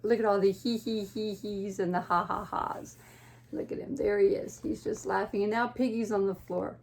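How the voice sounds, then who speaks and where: A woman teacher reading a picture book aloud to children, gently pointing things out and asking them questions. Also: mid-range voice, steady tone, normal speed, creaky. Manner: gentle, questions and asides to young listeners.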